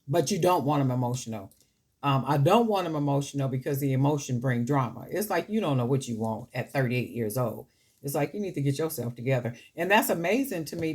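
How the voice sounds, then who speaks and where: A woman's voice: rumbling low, a little mellow, breathy edge. A woman hosting a jewelry-making video, chatting and rambling as she works, her voice dropping and drifting away from the mic as she handles beads. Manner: rambling, chatty storytelling, talks to viewers as family. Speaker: jewelry-making channel host. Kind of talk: casual chat while crafting.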